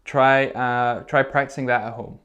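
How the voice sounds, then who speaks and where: A music teacher, a man at a middle pitch with little pitch movement, teaches young children recorder in a lesson video. His tone is clean and a bit bright, though the highs are cut off. He patiently goes through each step, encourages the kids, and says "okay?" every few phrases.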